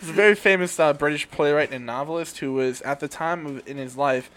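A man's voice: fairly high pitch, fairly quick, fairly bright tone. Laughing, rambling male podcast host. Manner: laughing, rambling with many fillers and restarts. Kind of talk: casual podcast chat.

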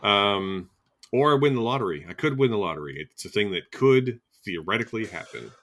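A man's voice: fairly low pitch, lively intonation, brisk, fairly bright tone. A man in his thirties hosting a podcast in casual chat, hesitant and self-deprecating, with lots of fillers and restarts. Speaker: podcast host.

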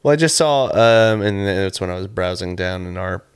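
Laid-back man with a lowish voice. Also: lively intonation, moderate pace, clear, resonant tone. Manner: rambling, laughs often, acts out quoted people. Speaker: podcast co-host. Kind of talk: casual chat.

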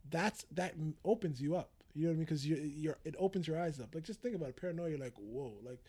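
A man's voice: fairly high pitch, fast, dark tone, slightly rough. A man, a musician guest in a casual interview, talking animatedly and often asking "you know what I mean?".

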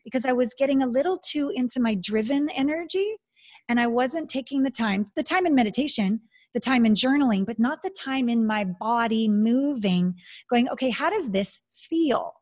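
A woman's voice: fairly high pitch, moderate pace, darkish tone. A woman hosting a casual conversation, talking with enthusiasm and acting out inner voices.

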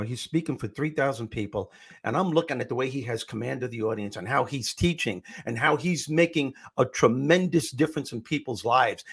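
Husky middle-aged man telling stories. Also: mid-range voice. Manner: animated storyteller, acts out quotes. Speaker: comedian and motivational speaker guest. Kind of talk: storytelling interview answer.

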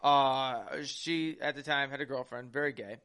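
A man's voice: medium pitch, fairly even intonation, normal speed, noisy background. A young man hosting a casual podcast, telling a rowdy, profane story and acting out the quotes. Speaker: podcast host. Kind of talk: casual chat.

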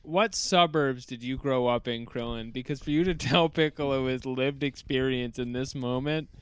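A man's voice: medium pitch, normal speed, clear, resonant tone. A man riffing sarcastically in casual comedic chat. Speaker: podcast co-host.

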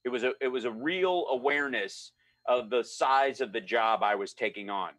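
A middle-aged man telling a story in a relaxed chat, animated and acting out the voices of the people he quotes. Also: mid-range voice, normal speed, no echo. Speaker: guest storyteller.

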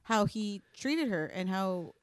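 A woman's voice: mid-range voice, clean tone, dry recording. A woman co-hosting a podcast, chatting casually and acting out what people said. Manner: animated, acts out quotes, quick reactions. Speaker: podcast co-host. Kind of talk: casual chat about reality TV.

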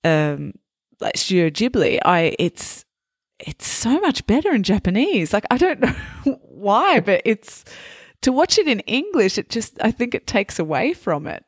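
A woman's voice: medium pitch, very animated, measured pace, slightly rough, no room sound. Curious woman interviewer, dry close sound. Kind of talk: casual interview chat.

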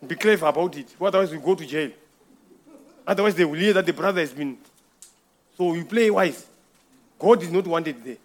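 A man's voice: fairly high pitch, brisk, long pauses. A man giving an informal church testimony, telling a rambling story with frequent chuckles.

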